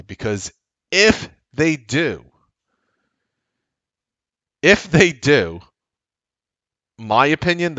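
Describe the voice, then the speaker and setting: A man's voice: medium pitch, no room sound. A man hosting a trading show, giving casual, rambling market commentary with blunt language. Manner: animated, rambling, blunt with profanity.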